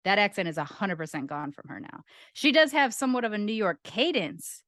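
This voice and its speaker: A woman's voice: mid-range voice, very animated, fairly quick, fairly bright tone, dry recording. Brief: emphatic, opinionated woman co-host, medium voice, dry room. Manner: emphatic, opinionated, counts points off. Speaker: podcast co-host. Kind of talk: casual podcast chat.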